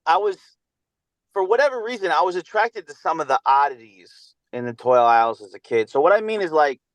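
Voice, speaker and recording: A man's voice: on the high side, animated, fairly quick, dry recording, low-quality recording. Rambling, nostalgic man in his thirties. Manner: rambling and nostalgic, with many fillers. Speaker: podcast guest. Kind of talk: casual chat.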